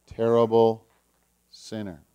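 A man voicing a humble, ashamed tax collector who pleads for mercy in a hushed whisper. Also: fairly low pitch, level tone, slow pace, smooth, voice pushed down. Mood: pleading whisper.

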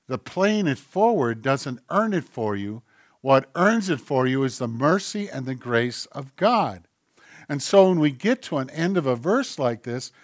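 A male pastor delivering a sermon, swinging between loud declarations and hushed, almost whispered asides, acting out the voices of churchgoers and God. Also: fairly high pitch, no echo, studio quality.

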